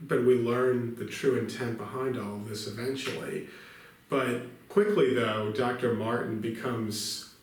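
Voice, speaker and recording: A man co-hosting a podcast, explaining a film in a measured, thoughtful way. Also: mid-range voice, very echoey, far from the mic. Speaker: podcast co-host. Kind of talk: casual film review chat.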